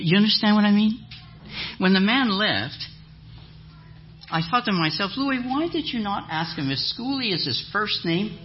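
A man preaching a sermon as a guest speaker, telling a lively story and acting out the voices of the people in it. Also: high voice, highs cut off, slight background noise. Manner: animated storyteller, acts out quoted voices. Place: church hall.

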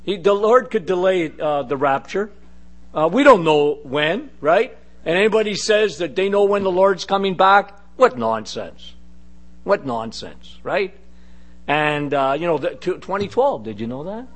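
A man's voice: sits high, expressive, normal speed. A man preaching a sermon, emphatic and fervent, repeating phrases for weight and turning to the congregation with chatty asides. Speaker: pastor.

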